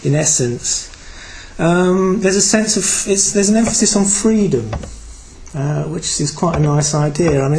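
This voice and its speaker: A man's voice: on the high side, a little mellow, a little hiss or hum, poor audio. A man from Britain giving a Buddhist talk to a group, reflective and hesitant, with many fillers. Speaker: Buddhist teacher.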